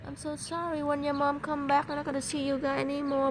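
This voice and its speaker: Speaking quickly and flatly in a high register, a vlogger mom chats from her yard with a phone in hand. Her English is simple and broken, she keeps apologizing, and there's slight background noise.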